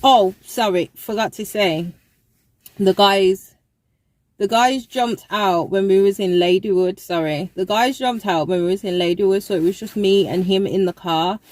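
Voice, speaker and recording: A woman's voice: medium pitch, normal speed, dry recording, low-quality recording. A young woman telling a casual storytime in a chatty, rambling way, full of fillers. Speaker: vlogger.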